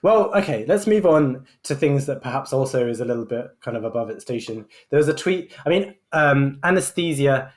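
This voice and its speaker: A man's voice: medium pitch, expressive, fairly quick, hardly any pauses. A man hosting a casual medical podcast, chatting and bantering with many fillers. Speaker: podcast host. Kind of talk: casual chat.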